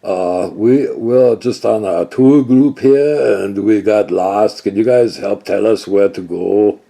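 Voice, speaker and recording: A man voicing a bold male adventurer who bluffs loudly and slowly. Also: on the low side, gravelly, voice pushed up, heavily acted. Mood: blustering.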